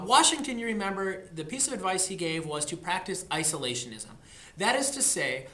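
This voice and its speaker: A man's voice: high-pitched, sharp tone. A man teaching history in a casual lecture, chatty and jokey, using slang. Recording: echoey room.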